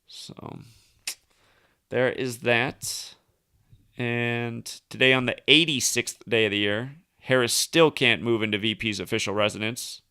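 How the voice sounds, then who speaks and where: A man talks alone on his livestream, stringing number after number together with loose asides. His voice is bright and crisp, recorded close and dry. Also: mid-range voice, steady tone, unhurried, no echo. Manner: rambling, reels off number links and asides. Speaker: livestream host. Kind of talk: solo livestream monologue.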